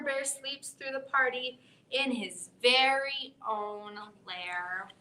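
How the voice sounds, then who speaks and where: Slow sing-song storytime librarian. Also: female voice, high voice, reverberant. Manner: expressive, sing-song, encouraging. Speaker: children's librarian. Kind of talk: live children's storytime read-aloud. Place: library room.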